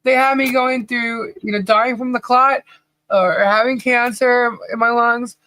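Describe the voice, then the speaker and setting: A woman's voice: a little high, steady tone, measured pace, sharp tone, no echo, rough recording. A woman co-hosting a podcast livestream, chatting casually and laughing often as she tells stories and calls out names from the chat. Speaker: podcast co-host.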